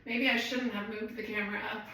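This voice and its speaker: A woman's voice: medium pitch, level tone, a little fast, pushed and bright. A woman fitness trainer leading a live home workout, chatting and rambling while she counts reps. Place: room at home. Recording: echoey room, voice from far off.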